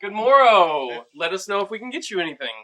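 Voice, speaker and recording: A man acting as a young male festival food server in a comic training skit, talking quickly and offhandedly to customers. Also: fairly high pitch, sing-song, pushed and bright, poor audio. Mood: offhand. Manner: quick, offhand service talk.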